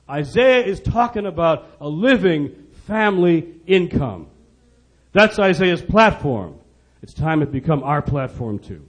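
Impassioned man preaching a sermon. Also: high-pitched. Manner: impassioned, repetitive, rising to loud emphasis. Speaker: preacher speaking on poverty. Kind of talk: sermon-style speech.

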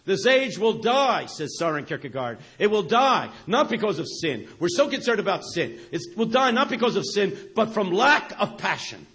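A man preaching a sermon, animated, swinging from near-shouts down to hushed lines. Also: high voice, moderate pace, few pauses.

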